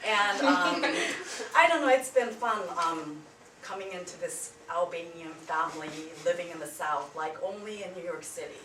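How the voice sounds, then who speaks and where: A woman's voice: fairly low pitch, normal speed. A woman from Japan, an actress, introducing herself shyly and hesitantly. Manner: shy, hesitant. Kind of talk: post-show interview. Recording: roomy, from far off, crowd behind.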